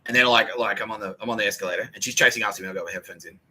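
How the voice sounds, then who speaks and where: Profane Australian man rambling, bright voice. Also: lowish voice, very fast, few pauses, husky, soft background music, low-quality recording. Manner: profane, laughing, agitated storytelling. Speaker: podcast host. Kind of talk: rambling monologue.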